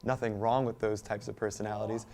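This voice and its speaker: A man's voice: lowish voice, little pitch movement, fast talker, darkish tone. A male speech pathologist from Long Island, speaking with careful, precise diction in an interview. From Long Island, New York.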